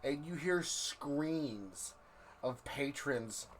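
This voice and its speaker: A man's voice: fairly high pitch, animated, slight background noise. A man narrating as game master of a tabletop game, drawing out his descriptions. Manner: slow, drawn-out, vivid description.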